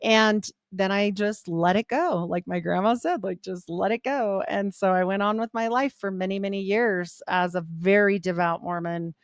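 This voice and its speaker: A middle-aged woman, a podcast guest, telling her life story in a candid, animated way. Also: medium pitch, moderate pace, few pauses, smooth, no echo, studio quality. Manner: animated, quotes people in voiced asides.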